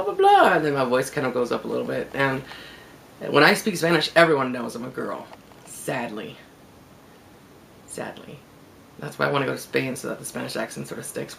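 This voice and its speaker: A man with a gravelly voice, talking candidly in a casual reflective video blog and laughing easily. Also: mid-range voice, a bit bright, slight background noise, rough recording. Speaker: video blogger.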